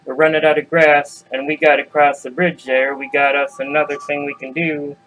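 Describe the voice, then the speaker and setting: A man's voice: a little high, little pitch movement, normal speed, fairly bright tone, close to an everyday voice, low-quality recording. A man voicing a desperate male goat who pleads for help in a raised, anxious voice. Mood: pleading.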